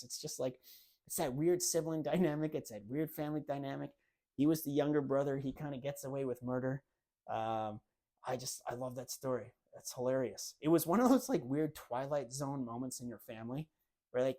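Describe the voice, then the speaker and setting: A man in his thirties hosting a podcast, telling a family story in a relaxed, animated way. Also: mid-range voice, fairly quick. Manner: animated storyteller, acts out family members' lines. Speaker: podcast host. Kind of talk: casual storytelling monologue.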